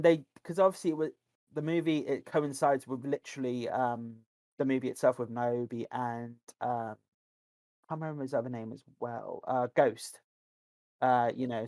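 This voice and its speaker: A man's voice: mid-range voice, a little mellow, no echo. A man co-hosting a podcast, chatting casually and enthusiastically about films and games, rambling with lots of restarts. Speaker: podcast co-host. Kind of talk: casual film and games discussion.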